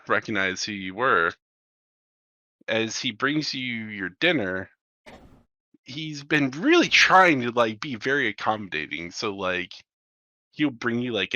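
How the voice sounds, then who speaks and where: A man's voice: lowish voice, sharp tone, no echo. A man narrating a tabletop game as game master, talking loosely with lots of fillers, on a dull muffled desk mic.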